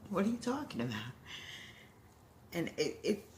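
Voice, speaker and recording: A low-pitched woman in her forties tells a personal story, full of pauses, restarts and fillers. She sounds emotional and halting throughout. Faint room ambience hums in the background. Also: very animated, a little mellow, slight background noise. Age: 40s. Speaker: heart attack survivor telling her story.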